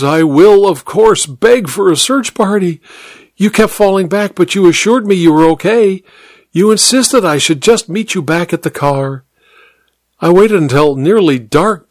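A man reading an audiobook, voicing a cold, gloating woman killer with a slightly raspy voice and a calm, mocking manner. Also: on the high side, dry recording, voice pushed up.

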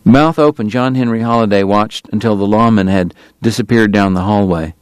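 A man reading a novel aloud as its narrator, in a steady, understated way. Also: on the low side, moderate pace, smooth, no room sound. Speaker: audiobook narrator. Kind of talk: scripted narration.

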